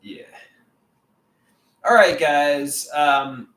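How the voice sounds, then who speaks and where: A man's voice: a little high, very slow, a bit bright. A man on a live stream, reading viewer comments aloud and answering them in a rambling, repetitive way. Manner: reads chat comments aloud and answers them, repeating himself. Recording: echoey room.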